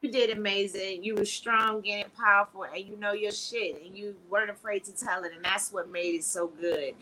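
A woman hosting a casual live podcast, talking frankly and preachily, her voice swinging between loud and soft. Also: mid-range voice, fairly even intonation, normal speed, rough recording. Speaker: podcast host.

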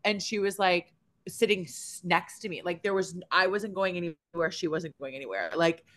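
A woman co-host with a bright, forceful voice that sits a little low, talking bluntly in casual chat. She is chatty and swears without a second thought. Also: expressive, moderate pace. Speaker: podcast co-host.

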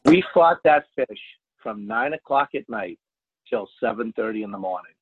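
A man, a fishing charter captain, telling a story in a casual interview, animated and loud at the high points. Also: moderate pace, slight background noise. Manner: animated, jumps to loud exclaims when retelling. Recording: dry tinny phone line.

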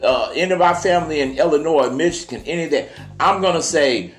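A man co-hosts a podcast, joking and ranting with strong opinions. His pitch rises and falls a lot. The room sounds echoey, with faint guitar music underneath. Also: lively intonation, a little fast. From Tennessee. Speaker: podcast co-host. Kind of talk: casual chat.

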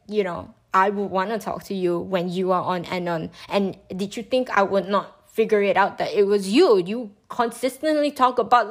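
A young woman casually telling a personal story, swearing freely and getting loud and high when she acts out other people. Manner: animated, rising pitch when mimicking, swears freely.

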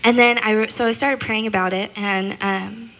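Bright-voiced chatty woman. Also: medium pitch, fairly even intonation, normal speed, poor audio. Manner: chatty, rambling, full of "like" and "you know"; processes out loud, talks a lot. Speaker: speaker sharing a faith testimony. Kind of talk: casual devotional talk.

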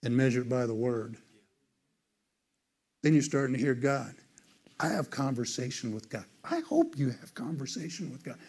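A man telling a story in a sermon to a church group, animated and conversational, leaping into high voices when he quotes people. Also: breathy edge. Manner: conversational, many "it's like" asides. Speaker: teacher speaking to a church group.

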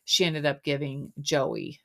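Casting note: woman podcast host with a low voice, chatty, rambling, filler-heavy. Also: unhurried, vocal fry, background noise. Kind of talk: casual chat recapping a reality show.

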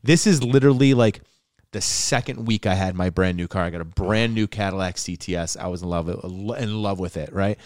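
A young adult man from Buffalo, New York, a comedian guest telling a wild story in casual chat, animated and swearing. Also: sits low, brisk, no echo, studio quality. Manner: animated, swearing, gets loud and laughs as the story builds.

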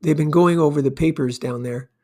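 A man voicing a careless, light-hearted young gentleman who talks in a cheerful, airy way. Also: fairly high pitch, a little fast, natural voice.

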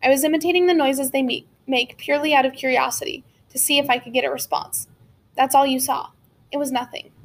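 A woman voicing a secretive young girl in an audiobook, speaking in a calm, guarded, firm way. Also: high-pitched, brisk. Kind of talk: audiobook character voice.

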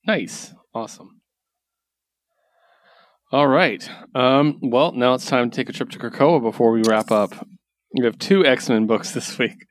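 A man co-hosting a casual podcast, recapping a story with animated storytelling and filler words. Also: medium pitch, a little slow, pauses often, no room sound. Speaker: podcast co-host, comic reviewer. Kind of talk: casual chat.

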